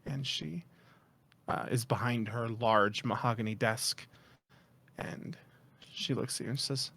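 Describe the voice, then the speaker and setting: Male game master, mid-pitched gravelly voice, halting casual narration. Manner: relaxed, halting narration with many fillers.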